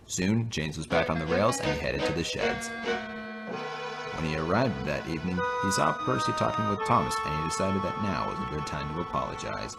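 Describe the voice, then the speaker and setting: A man narrating a toy train story in an expressive storybook reading. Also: very deep voice, fairly quick, creaky, loud music behind the voice.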